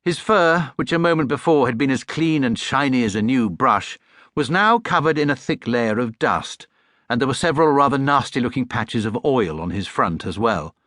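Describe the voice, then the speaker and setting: English male storybook narrator, expressive and lively, dry studio mic. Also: mid-range voice, normal speed, no echo. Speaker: audiobook narrator. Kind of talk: scripted narration.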